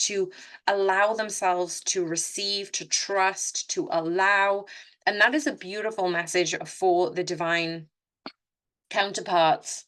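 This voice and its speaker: Speaking directly and earnestly to her audience, a woman does an off-the-cuff tarot reading full of restarts and self-corrections. Her voice sits on the low side with a fairly bright tone.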